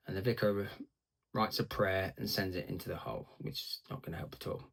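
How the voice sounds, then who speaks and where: A man's voice: low voice, a little fast, gravelly, fairly bright tone, breathy edge, rough recording. A man speaking earnestly in a personal video diary about living with cancer, rambling a little with hesitant fillers.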